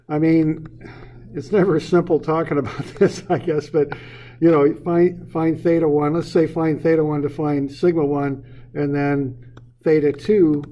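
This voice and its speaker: A man's voice: a little high, dark tone, slight background noise, rough recording. A man teaching an engineering class in an informal way, often repeating words and putting questions to the students. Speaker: engineering instructor. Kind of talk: classroom lecture.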